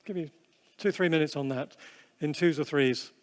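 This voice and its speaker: A man's voice: a little high, moderate pace. Man giving a talk in a reverberant hall. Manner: humorous, self-deprecating, many restarts and fillers. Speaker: seminar speaker. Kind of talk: storytelling seminar talk. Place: large hall with long reverb.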